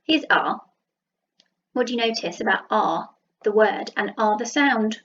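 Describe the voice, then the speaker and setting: A woman with a Southern English accent teaching a phonics lesson to young children, sounding out letters slowly and praising them. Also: medium pitch, animated, fairly bright tone, lo-fi sound. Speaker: primary school teacher. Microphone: computer mic while writing with a mouse.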